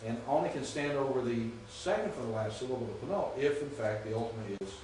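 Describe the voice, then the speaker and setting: Speaking fast in a slightly mellow, medium-pitched voice, this male Greek teacher lectures patiently and repeatedly checks comprehension. The sound comes from a distant mic in an echoey room, with a bit of hiss or hum.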